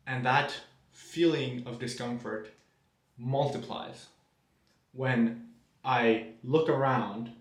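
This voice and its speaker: Brief: young man recounting a story to camera, hesitant restarts, average pitch, roomy echo. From Mexico. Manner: self-deprecating, hesitant restarts. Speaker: vlogger.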